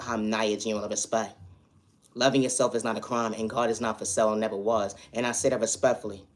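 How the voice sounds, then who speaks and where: A man delivering an earnest spiritual motivational monologue, repeating affirmations and now and then breaking into loud, high shouted refrains. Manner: repetitive affirmations, earnest and emphatic. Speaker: spiritual vlogger.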